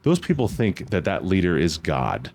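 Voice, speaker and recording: Earnest, fairly low-voiced man talking faith. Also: normal speed. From United States. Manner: earnest, animated storytelling with restarts. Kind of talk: casual faith chat.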